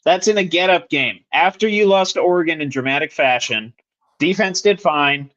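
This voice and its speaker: A man's voice: on the high side, moderate pace, a bit bright, lo-fi sound. A young man co-hosting a sports podcast, bluntly breaking down a football game in casual chat. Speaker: podcast co-host.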